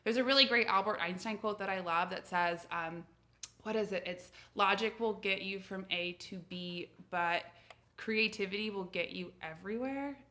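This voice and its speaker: A young woman from the United States who coaches on intuition, talking casually to camera in a chatty, animated storytelling way. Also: mid-range voice, normal speed.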